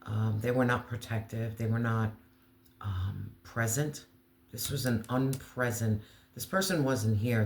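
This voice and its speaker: A man's voice: medium pitch, a little hiss or hum. Earnest man giving a tarot reading, echoey. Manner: earnest, emotional, slow deliberate emphasis. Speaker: tarot reader.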